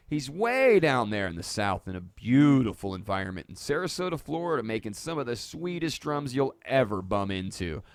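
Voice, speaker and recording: A man's voice: medium pitch, no echo, studio quality. A man hosting a casual live-stream monologue, rambling and jokey and poking fun at himself. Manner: rambling, jokey, self-mocking. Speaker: host. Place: dark home studio.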